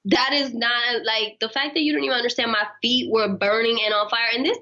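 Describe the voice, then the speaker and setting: Bright-voiced woman co-hosting, teasing. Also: fairly high pitch, fairly even intonation, fairly quick, lo-fi sound. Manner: teasing, laughing, playful. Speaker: podcast co-host. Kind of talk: casual chat.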